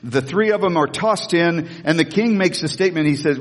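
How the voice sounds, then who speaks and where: A man pastor preaching an animated sermon, retelling a story with asides, repeating key lines for emphasis. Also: a little high, a little fast, few pauses, in a large hall. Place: church sanctuary.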